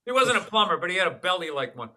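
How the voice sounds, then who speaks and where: A middle-aged comedian trades dry, sarcastic wisecracks in casual podcast talk. His voice is high for a man and very bright and cutting. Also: very animated, rapid-fire.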